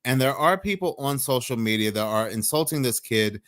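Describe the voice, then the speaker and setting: Male news commentator, mid pitch, plain read of articles and chat logs, dry close recording. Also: animated, brisk, fairly bright tone, dry recording.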